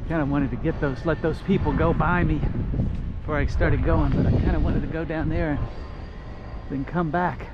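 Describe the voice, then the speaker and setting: A man giving a relaxed running commentary while walking outdoors through neighborhood streets, recorded on a handheld phone. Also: a little high, normal speed. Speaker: walking vlogger. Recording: dull outdoor phone audio with street noise.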